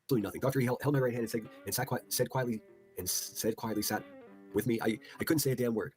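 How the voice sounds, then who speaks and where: Fast-talking profane male streamer. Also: mid-range voice, darkish tone, soft background music. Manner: profane, incredulous, reads chat posts aloud. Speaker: livestream host. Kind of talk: casual livestream commentary.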